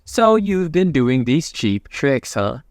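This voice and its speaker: A man's voice: mid-range voice, sing-song, slow pace, no room sound, studio quality. A man reading the lines of an arrogant, menacing male goblin warrior in a comic recap, with little change from his own voice.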